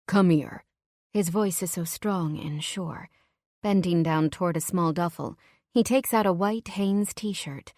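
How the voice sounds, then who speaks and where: Lower-voiced woman narrating an audiobook. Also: unhurried, a little mellow, no echo, clean studio sound. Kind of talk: first-person audiobook narration.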